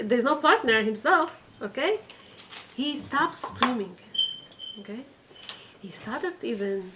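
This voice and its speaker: A woman's voice: on the high side, fairly bright tone, a little hiss or hum, poor audio. A woman teaching a religious class, telling a story and acting out the quoted voices. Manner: acts out quoted voices, repeats phrases for emphasis. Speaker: teacher of a weekly Torah class. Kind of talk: storytelling lesson.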